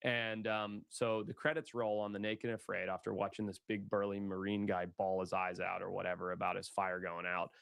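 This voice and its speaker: A man with a lowish voice tells a story in a relaxed interview. He talks loosely and animatedly, throwing in slang and acting out what people said. His voice sounds close and dry. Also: brisk, creaky, few pauses, clean tone, no echo. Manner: animated, acts out quotes, casual slang. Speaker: guest telling his story.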